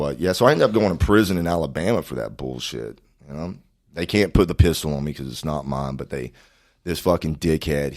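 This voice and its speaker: A man, a podcast guest telling a rough story casually, swearing a lot. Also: extremely low pitch. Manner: swears a lot, animated retelling.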